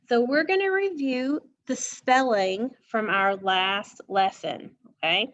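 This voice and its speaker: Woman teacher, phonics lesson, slow and patient delivery, fairly high voice, dull lo-fi sound. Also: fairly bright tone. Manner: slow, patient, asks the class questions.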